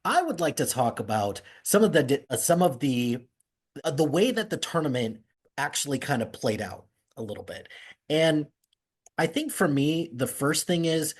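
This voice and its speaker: A man hosting a casual podcast chat over an internet call, rambling and relaxed with many restarts. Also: a little high, moderate pace, husky. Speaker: podcast host. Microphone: remote call over internet.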